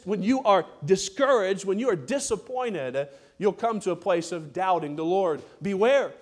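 A male pastor delivering a sermon in church, pressing each point through repetition. His voice sits high for a man, and he goads the congregation to respond. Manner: emphatic, repetitive, prodding the congregation. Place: church service.

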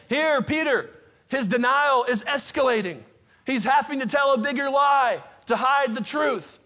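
Male pastor, high voice, fiery sermon delivery with casual asides to the congregation. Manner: impassioned, rising to near shouts.

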